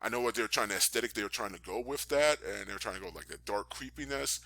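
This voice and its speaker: A man casually recapping a wrestling show, animatedly acting out scenes with high yelps. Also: fast, gravelly, sharp tone. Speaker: podcast host reviewing wrestling.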